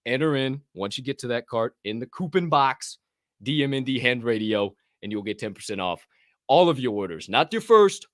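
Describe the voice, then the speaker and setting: A man hosting a casual livestream podcast, chatting and reading an ad in a rambling, profane way from a warm room at home. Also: mid-range voice, lively intonation, normal speed, no room sound, studio quality. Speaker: podcast host.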